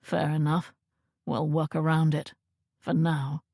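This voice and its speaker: Woman doing a romantic Regency earl, low and earnest, slight gravel. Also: flat delivery, slow, dark tone, no echo, clean studio sound, heavily acted. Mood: teasing. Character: ardent Regency earl, young man. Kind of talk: audiobook character voice.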